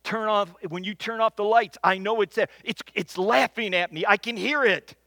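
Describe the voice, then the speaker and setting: A man's voice: moderate pace, vocal fry, sharp tone, dry recording, full character voice. A man acting out his panicked young wife, who screeches and growls about a spider on the wall, in a told story. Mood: frantic. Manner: screeching, then low guttural whisper.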